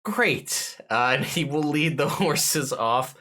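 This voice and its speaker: This game master's voice is a little high with a sharp tone, and he takes his time. As he runs the tabletop session, he describes scenes and questions the players, stumbling through fillers, restarts, and frequent hesitations.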